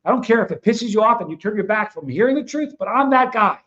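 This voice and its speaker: A man's voice: sits high, animated, fast talker, fairly bright tone. Fired-up blunt man hosting a livestream. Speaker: host of a livestream show. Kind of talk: casual livestream talk to viewers. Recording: dull lo-fi sound.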